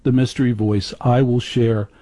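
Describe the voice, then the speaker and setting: A man's voice: mid-range voice, fairly even intonation, moderate pace, dark tone, dry recording. A middle-aged man hosting a live radio talk show, chatty and confiding, rambling on with listeners.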